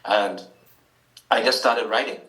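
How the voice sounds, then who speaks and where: A lower-pitched man with a Trinidadian accent, speaking as an interview guest in an echoey room, set back from the microphone. He talks hesitantly, with many ums and restarts. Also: steady tone, takes it slowly, pushed and bright, recorded from a distance. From Trinidad and Tobago. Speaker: author, guest. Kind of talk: interview answers.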